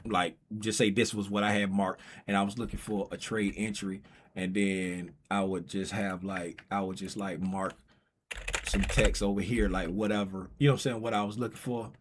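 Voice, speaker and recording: A man's voice: lowish voice, little pitch movement, normal speed, a little hiss or hum. A man hosting a casual trading livestream, bantering and teasing his viewers in a loose, playful way.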